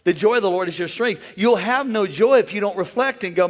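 A man who is a pastor, preaching a lively sermon and calling out to the congregation to join in. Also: high voice, a little fast. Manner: energetic, playful call-and-response with the crowd. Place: large church. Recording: long church hall reverb.

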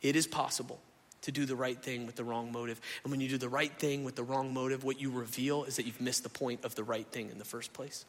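Animated preacher in a hall. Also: male voice, medium pitch, fast. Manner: animated, conversational preaching, addresses crowd as y'all. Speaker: pastor. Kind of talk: sermon. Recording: echoey hall.

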